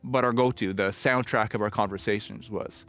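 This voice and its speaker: A middle-aged pastor telling a personal story in a conversational, reflective sermon, now and then acting out old conversations. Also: male voice, fairly low pitch, fairly even intonation, normal speed, a bit bright.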